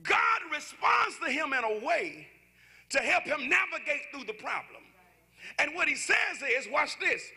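Male preacher, high and lively, shouts passages with fire, gravelly and cutting tone. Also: a little slow. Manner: impassioned preaching, often shouting; talks to congregation directly, conversational asides. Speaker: pastor. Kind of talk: sermon. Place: church service.

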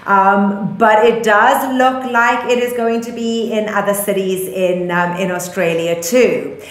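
A woman with a South African accent talks through the week's news in a relaxed, chatty way, with plenty of ums. Her voice sits at a middle pitch. It rings a little in an echoey room. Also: unhurried. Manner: chatty, many ums, laughs easily. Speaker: podcast co-host. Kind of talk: casual news chat.

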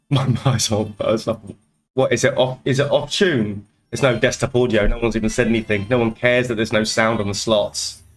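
A man hosting a live slots stream, chatting casually and greeting viewers by name in quick, upbeat bursts. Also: medium pitch, fairly even intonation. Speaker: slot streamer host.

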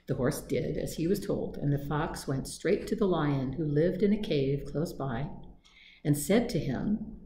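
A woman librarian reading fairy tales aloud in a gentle, steady storybook voice. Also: deep voice, a little slow, slight background noise. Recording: echoey room with faint ambience.

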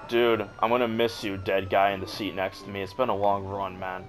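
A man's voice: low voice, flat delivery, brisk, rough recording. A young man commentating casually over gameplay, crude and joking, swearing a lot. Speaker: gamer. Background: game music.

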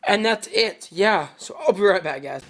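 Young guy rambling through a vlog update, high bright voice, camera a bit far off. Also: normal speed, a little hiss or hum. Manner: rambling, excitable, self-correcting. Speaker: vlogger.

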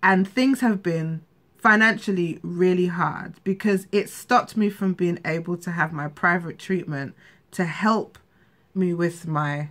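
A woman's voice: fairly low pitch, a little slow, fairly bright tone. A woman venting in a candid personal vlog, rambling and frustrated, with frequent restarts. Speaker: vlogger.

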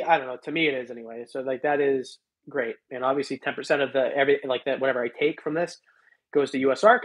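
A man's voice: fairly high pitch, breathy edge. A man hosting a reptile live stream, chatting casually and rambling as he thanks viewers by name. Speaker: reptile channel host.

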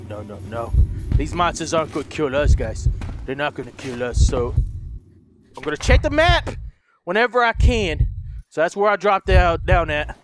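A young man playing a horror game, talking to his viewers, swearing and yelling in panic at the monsters. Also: on the high side, very noisy. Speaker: let's play gamer. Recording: loud game music behind. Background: game music.

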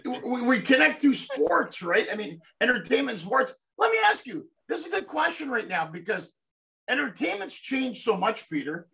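High, bright-voiced excitable male host. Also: normal speed, gravelly, rough recording. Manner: animated, profane storyteller. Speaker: podcast host. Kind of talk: casual interview chat.

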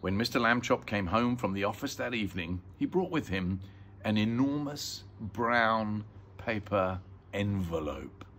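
An older man reading a children's book aloud in an expressive, lilting way. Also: fairly low pitch, unhurried, slight background noise. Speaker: storyteller.

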